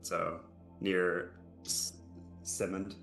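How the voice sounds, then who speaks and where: A man's voice: deep voice, flat delivery, very slow, fairly bright tone, roomy sound, soft background music. A man playing a tabletop game, speaking in a laid-back, hesitant way. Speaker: player.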